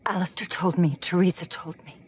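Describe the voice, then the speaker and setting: An actress playing a returning former lover who speaks softly and hesitantly, sounding apologetic. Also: female voice, fairly low pitch, a little fast, slight background noise, lightly acted. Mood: subdued. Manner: soft, hesitant. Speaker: soap opera character.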